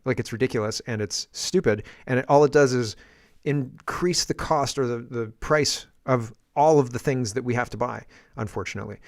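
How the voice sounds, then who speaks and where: A man's voice: medium pitch, no echo, clean studio sound. A man who hosts a casual political commentary show, talking sarcastically with chuckling asides. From Canada.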